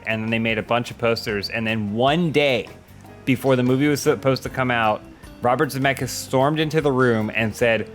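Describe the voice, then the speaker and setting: A man's voice: mid-range voice, brisk, faint music behind. Man joking around on a comedy panel. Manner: playful, spins tall tales deadpan. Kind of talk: joking casual banter.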